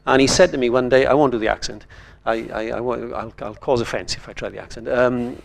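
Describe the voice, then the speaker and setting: A man's voice: medium pitch, steady tone, brisk, vocal fry. An older man from Wales, a writer speaking on a conference panel in a thoughtful, digressive way.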